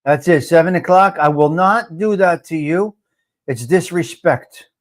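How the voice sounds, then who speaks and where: Man, live-stream host, high voice, loud, swearing, chatty. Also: measured pace. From North Jersey. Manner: loud, profane, talks to viewers by name. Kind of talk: casual live-stream chat.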